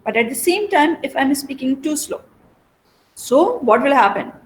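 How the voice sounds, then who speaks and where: Woman teacher lecturing her class, kinda high voice, asks lots of questions to the room. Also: very animated, normal speed, slight background noise, poor audio. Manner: explains step by step with rhetorical questions.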